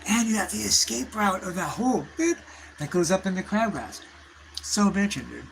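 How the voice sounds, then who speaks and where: Slangy man, higher voice. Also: lively intonation, moderate pace, vocal fry, a little hiss or hum, low-quality recording. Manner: profane, slangy, calls listeners dude and bro. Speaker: livestream host. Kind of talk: rambling livestream storytelling.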